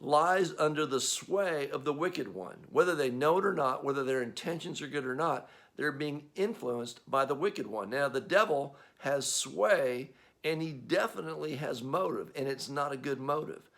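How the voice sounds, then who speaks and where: A man's voice: a little high, normal speed, fairly bright tone. A man with an Australian accent preaching a sermon as pastor, in a conversational way with frequent fillers.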